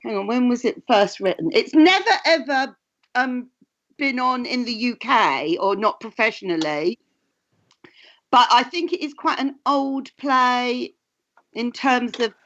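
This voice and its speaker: A chatty woman from England talks on a show, wandering through restarts and little asides. Her voice sits a bit high. The sound is dull and muffled, like a lo-fi recording. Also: expressive, unhurried, fairly bright tone. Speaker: tarot reader and actress, co-host. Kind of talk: casual chat.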